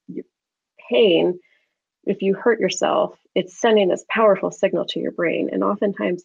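A woman guest with a low, gravelly voice explains research in an easygoing way, often breaking into light laughs. The recording is dry and slightly dull, like a lo-fi call. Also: darkish tone, no echo. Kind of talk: conversational interview.

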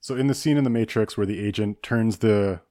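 Podcast host guy, fairly low voice, decisive, sets up scenarios, dry close sound. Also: fairly quick, warm tone, no room sound. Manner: decisive, lays out scenarios and rulings. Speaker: podcast host running a hypothetical movie showdown. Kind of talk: casual chat.

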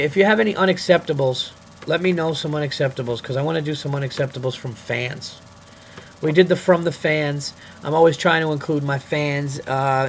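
Goofy rambling New man, higher voice. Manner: goofy, rambling, swearing freely. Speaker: comedian podcast host. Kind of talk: casual solo podcast monologue.

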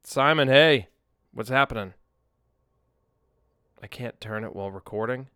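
A man's voice: medium pitch, measured pace, bright, forceful tone, no echo, clean studio sound. A man in his mid-thirties hosting his own podcast, talking casually and rambling with lots of ums and restarts as he livestreams from a tablet. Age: 30s. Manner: rambling, chatty, many ums and self-corrections. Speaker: musician podcast host. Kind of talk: casual solo podcast chat. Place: home in Nashville. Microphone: tablet and phone livestream.

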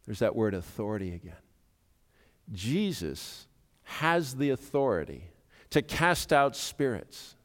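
A man preaching a sermon, speaking earnestly and rising to sudden loud emphasis when he quotes. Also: medium pitch, sing-song, slow pace. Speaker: pastor. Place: church sanctuary. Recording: reverberant church hall.

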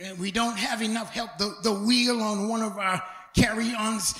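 High-voiced preacher in an echoey church. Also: male voice, fairly even intonation, normal speed. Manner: dramatic, swinging from loud shouts to hushed tones; stumbles and repeats words as he talks. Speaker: pastor. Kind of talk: sermon.

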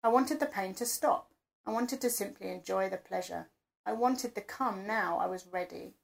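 A woman's voice: medium pitch, moderate pace, gravelly. A woman narrating an erotic first-person story in an intimate, confessional reading voice.

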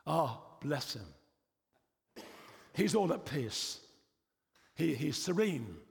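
A man's voice: fairly high pitch, big pitch swings, drawn-out words, creaky, in a large hall. A man preaching a sermon in a church, emphatic and repetitive, with frequent rhetorical questions.

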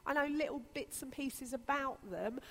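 A woman's voice: high voice, normal speed, fairly bright tone. A woman pastor preaching a sermon with earnest, repetitive emphasis. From Britain. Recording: long reverb of a church hall.

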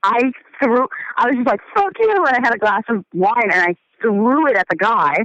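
A woman's voice: a little high, normal speed, a bit bright, no echo, lo-fi sound. A woman musician chatting as an interview guest, meandering and hesitant, often trailing off mid-thought. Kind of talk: casual interview chat.

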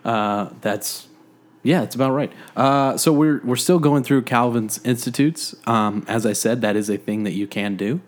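A man's voice: medium pitch, moderate pace. Casual male podcast co-host, self-deprecating, rambly, filler-heavy, recorded at home. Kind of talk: casual joking podcast chat. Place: living room.

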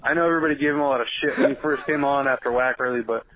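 A man's voice: mid-range voice, steady tone, racing, a bit bright, dull audio. A man leaving a joking, casual voicemail message for a podcast. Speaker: phone-in caller.

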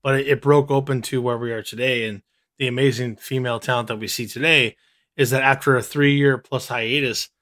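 A man's voice: mid-range voice, fairly even intonation, fairly quick, fairly bright tone. A man co-hosting a podcast in easygoing casual chat, steering the conversation. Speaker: podcast co-host.

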